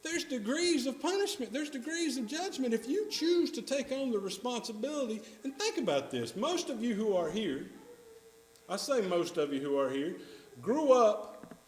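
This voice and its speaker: A man's voice: very high voice, very animated, normal speed. A man with a Southern US accent preaching a sermon in a church, earnest and repeating key phrases for emphasis. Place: church sanctuary. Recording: echoey church room.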